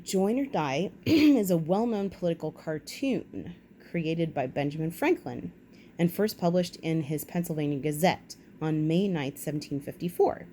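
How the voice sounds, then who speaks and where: A woman's voice: low-pitched, lively intonation, normal speed, mellow, slight background noise. A woman vlogger reading a history article aloud and breaking off often into chatty, wry comments of her own. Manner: chatty asides, wry and self-correcting. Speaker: vlog host.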